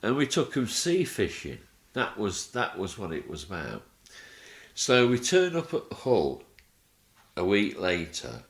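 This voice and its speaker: Low voiced guy telling a funny story on a podcast, swings up and down a lot, keeps chuckling. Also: measured pace. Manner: animated, laughing storyteller acting out voices. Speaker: guest telling anecdotes.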